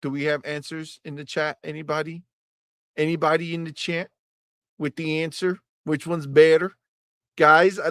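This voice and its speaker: A man hosting a casual gaming podcast, animated and joking, repeating phrases and breaking into shouts. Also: on the high side, moderate pace, no room sound. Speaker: podcast host.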